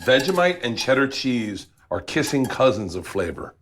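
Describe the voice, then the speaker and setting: Male host cooking on camera, brash sweary banter, mid-low voice, faint kitchen noise. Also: sing-song, normal speed. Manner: loud, profane, laughing banter. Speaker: show host. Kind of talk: casual chat while cooking.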